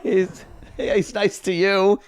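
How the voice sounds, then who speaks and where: A man's voice: sits high, little pitch movement, takes it slowly, smooth, no room sound. A middle-aged man, a radio host guesting on a podcast, talking bluntly and profanely with frequent laughs. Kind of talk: casual chat.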